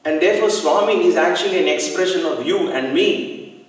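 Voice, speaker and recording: A man gives a reflective devotional talk, speaking earnestly with slow pauses. His voice reaches the mic from a distance and rings through a large hall with a long, heavy echo. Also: high-pitched. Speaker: satsang speaker. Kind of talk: devotional talk with personal story.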